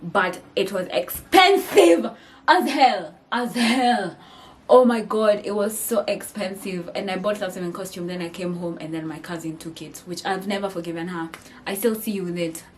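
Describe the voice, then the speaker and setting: A young woman with a Kenyan accent telling a storytime vlog, animated and laughing as she mixes English with Swahili slang. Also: medium pitch, normal speed, a little hiss or hum. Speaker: vlogger.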